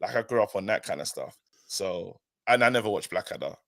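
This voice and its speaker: A man's voice: low voice, expressive, a little fast, creaky, fairly bright tone, dry recording. Laid-back, slangy man, dry sound. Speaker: regular co-host on fan channel. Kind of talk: casual live-stream chat.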